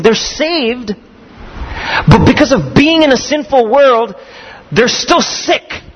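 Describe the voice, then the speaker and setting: A man's voice: high-pitched, slightly rough, lo-fi sound. A man preaching a sermon as a pastor, earnest and emphatic, building in intensity. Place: church or seminar hall. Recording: echoey hall with faint ambience.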